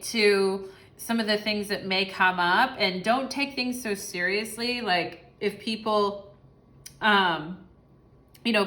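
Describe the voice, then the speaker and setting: Bright-voiced sassy young woman. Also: mid-range voice. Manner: chatty, sassy, cursing, acts out voices. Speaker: tarot reader. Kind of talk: casual pick-a-card tarot reading.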